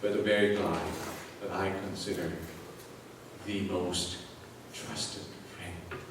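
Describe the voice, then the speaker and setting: Man doing a low, quiet, sorrowful Jesus, betrayed by his closest friend, in an echoey hall heard from afar. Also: little pitch movement, slow, recorded from a distance, noisy background. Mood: hurt, hushed. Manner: soft, hushed, sorrowful.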